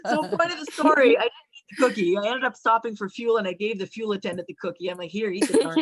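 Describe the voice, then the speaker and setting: A woman's voice: on the high side, fast talker. A woman truck driver telling stories in a podcast chat, chatty and acting out her own inner voices. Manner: chatty, repeats and restarts, acts out both sides of her inner voice. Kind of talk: animated storytelling in a podcast chat.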